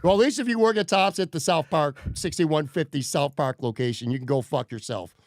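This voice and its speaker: Briskly and in a slightly high voice, a podcast host rants through a story, swearing and worked up. The recording is dry, studio quality.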